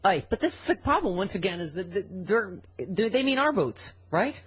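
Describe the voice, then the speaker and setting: Woman talk radio host, husky, lively pitch, exasperated banter, slightly muffled broadcast. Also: fairly quick. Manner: exasperated, laughs often, many restarts. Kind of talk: casual radio chat.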